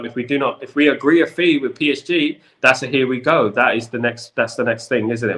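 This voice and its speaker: A man's voice: medium pitch, bright, forceful tone. A man with a London accent hosting a football channel, chatting with viewers on a live stream in a repetitive, conversational way. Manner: repetitive, chatty, keeps saying "in regards to".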